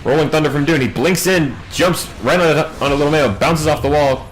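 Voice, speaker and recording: A man doing solo play-by-play game commentary, racing through big fights and dropping wry asides in quiet moments. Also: fairly high pitch, a little hiss or hum, poor audio. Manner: quick, excitable calls in big plays, wry asides in lulls. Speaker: match commentator.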